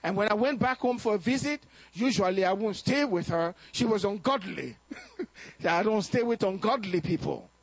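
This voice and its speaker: A man's voice: sits high, lively intonation, normal speed, creaky, slightly rough, dry recording. A man preaching a sermon, telling a personal story with acted-out quotes and laughs. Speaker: pastor.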